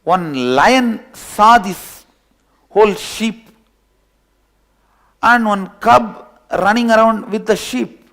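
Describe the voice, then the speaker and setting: A man's voice: high-pitched, slow pace, pauses often, fairly bright tone. A man giving a spiritual discourse, telling a parable with repetition and chuckles at his own jokes. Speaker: spiritual teacher.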